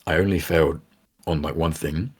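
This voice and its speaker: Young guy on a podcast call, super low, rough raspy sore throat, chill about everything. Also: fairly even intonation, normal speed, darkish tone. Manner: laid-back, shrugging things off. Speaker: podcast co-host. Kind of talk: casual chat.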